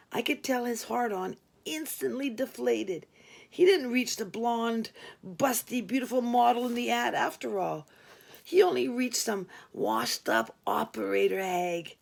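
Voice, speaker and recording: A woman's voice: on the high side, creaky. A woman narrating a first-person story in a dry, wry manner. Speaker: audiobook narrator.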